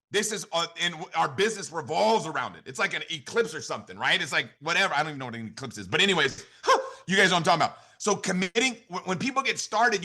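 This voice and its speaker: Fast, bright-voiced motivational man. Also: high-pitched. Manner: energetic, repetitive, rhetorical questions. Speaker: network marketing director giving a training. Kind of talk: motivational training talk on a call.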